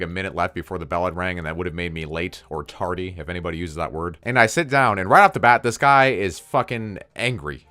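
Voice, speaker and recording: Young man, low-ish voice, rambling storytime vlogger who swears constantly, dry close sound. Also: fairly bright tone, no echo. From United States. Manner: rambling, digressive, swears a lot. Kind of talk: casual storytime vlog.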